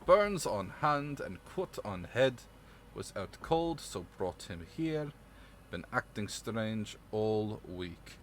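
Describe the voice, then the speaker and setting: A man putting on a mock Russian accent for a gruff man, speaking low with slurred, chewed words. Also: sing-song, slow pace, a little hiss or hum. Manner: lower voice, slurred words, chewing delivery.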